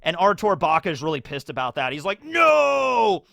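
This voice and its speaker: A YouTube host with a fairly high-pitched voice chats casually about anime, telling a story at a fast clip. He peppers his speech with "like" and "you know," often slipping into animated, acted-out scenes using character voices. The recording is dry and close-miked, with no room sound.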